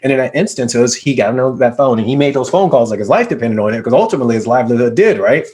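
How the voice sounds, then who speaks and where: Energetic male business coach telling stories. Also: mid-range voice, very fast. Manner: energetic, emphatic, repeats words for effect. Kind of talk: conversational storytelling. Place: video call.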